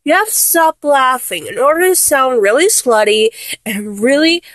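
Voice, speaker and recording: A woman's voice: high voice, lively intonation, moderate pace, a bit bright, dry recording. A young woman performing a playful one-sided phone role-play, teasing and giggling as she talks to an unheard listener.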